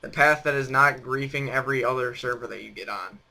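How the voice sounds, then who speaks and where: A man's voice: mid-range voice, fairly quick, vocal fry, pushed and bright. A young man hosting a casual chat on a voice call, rambling and teasing with lots of fillers. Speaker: host.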